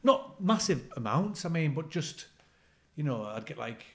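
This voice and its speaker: A man's voice: fairly high pitch, sing-song, normal speed, fairly bright tone. A middle-aged man co-hosting a podcast, rambling and teasing in casual chat. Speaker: podcast co-host.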